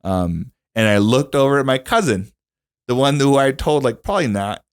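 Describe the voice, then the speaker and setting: A man's voice: mid-range voice, animated, normal speed, clean tone, dry recording. A young man hosting a podcast, telling a personal story in casual chat, full of fillers, restarts and the odd swear word. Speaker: podcast host.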